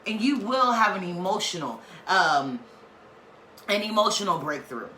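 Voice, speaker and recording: A woman's voice: mid-range voice, animated, unhurried, pushed and bright. A woman giving a casual weekly spiritual reading, talking in an emphatic, preachy, slangy and playful way. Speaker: spiritual tarot reader. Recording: echoey room, faint background noise.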